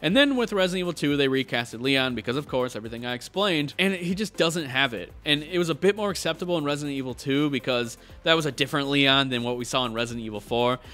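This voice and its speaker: A man's voice: mid-range voice, quick pace, few pauses, soft background music. A man ranting passionately as a video game commentator. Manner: passionate, animated. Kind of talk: opinionated rant.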